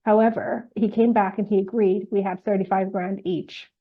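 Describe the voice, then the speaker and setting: Woman podcast co-host, casual storyteller, mid pitch, dull lo-fi sound. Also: steady tone, moderate pace. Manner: conversational storytelling with many fillers. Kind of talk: casual true crime podcast chat.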